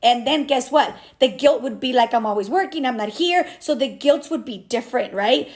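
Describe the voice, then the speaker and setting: A high-pitched woman in her thirties speaks openly in a personal vlog. Her talk is candid and animated, circling back with restarts as she works through her thoughts. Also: normal speed. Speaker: business owner and mother.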